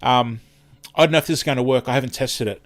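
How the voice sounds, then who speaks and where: A chatty Australian man hosts a live stream in an easygoing, rambling way. His voice sits at an ordinary middle pitch, and his sentences often trail off and start over as he loses his words. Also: fast. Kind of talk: casual live-stream chat.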